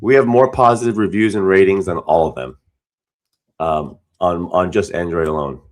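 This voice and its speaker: A man's voice: deep voice, moderate pace. A man co-hosting a weekly community call, easygoing and agreeable, chatting casually with lots of yeps and fillers. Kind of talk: casual promotional chat.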